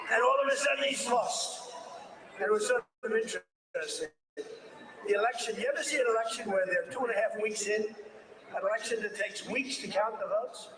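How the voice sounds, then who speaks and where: An older man giving an off-the-cuff political speech, rambling and repeating himself as he digresses. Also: high-pitched. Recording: distant echoey room with background noise.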